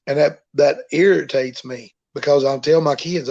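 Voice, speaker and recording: Male wrestler guest with a slightly high voice and a rambling, folksy delivery; muffled recording. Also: fairly even intonation, moderate pace, few pauses, darkish tone. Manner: rambling, repeats himself, folksy. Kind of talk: casual storytelling in an interview.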